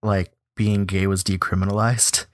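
A young man chatting casually on a podcast, rambling with lots of "like" fillers and breaking into a mock-excited high voice when joking. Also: moderate pace, no echo. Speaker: podcast co-host. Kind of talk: casual chat.

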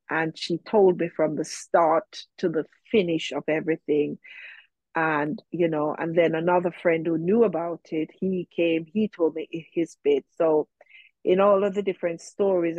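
A woman's voice: deep voice, fairly even intonation, a little slow, darkish tone, dry recording, lo-fi sound. A woman guest in an interview, telling a personal story in a reflective way, with many fillers, and quoting herself and others.

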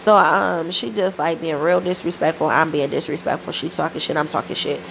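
A woman's voice: deep voice, a little fast, creaky, slight background noise, low-quality recording. A woman podcast host telling a story in a casual monologue, full of slang and swearing. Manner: profane, animated storytelling with slang.

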